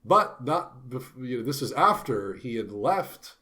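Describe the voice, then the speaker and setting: A man co-hosting a casual book discussion, animated, dropping into playful voices when he retells scenes. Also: medium pitch, unhurried. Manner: animated, puts on character voices when quoting. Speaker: podcast co-host.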